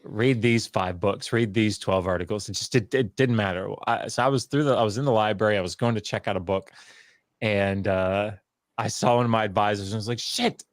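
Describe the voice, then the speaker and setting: A man's voice: fairly low pitch, fairly quick, dry recording, clean studio sound. A man telling a self-mocking story in casual talk, acting out the voices of the people he quotes. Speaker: guest scholar. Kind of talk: casual storytelling on a video call.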